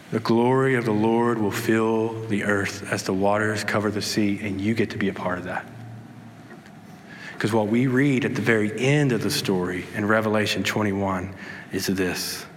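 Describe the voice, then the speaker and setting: A man preaching a sermon, earnest and animated, acting out pleading voices and calm replies. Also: lowish voice, a little hiss or hum. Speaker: pastor. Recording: reverberant hall with faint ambience.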